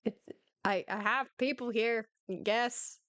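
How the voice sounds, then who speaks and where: A woman voicing a huge man, a flustered father gently coaxing someone to open a door. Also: on the high side, fairly even intonation, a little slow, no room sound. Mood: pleading. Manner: coaxing, soft-spoken.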